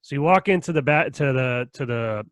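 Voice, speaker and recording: A young man co-hosting a podcast, telling stories in an animated, profane way with frequent laughs. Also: mid-range voice, normal speed, dry recording. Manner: animated storytelling, heavy swearing and laughter. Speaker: podcast co-host. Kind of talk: casual chat.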